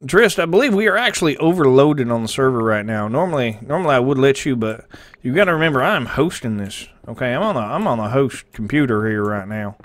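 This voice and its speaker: A man's voice: mid-range voice, lively intonation, a little fast, few pauses. A man hosting a livestream, chatting casually and jokingly with viewers while playing a game, rambling and easily distracted. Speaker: livestream host.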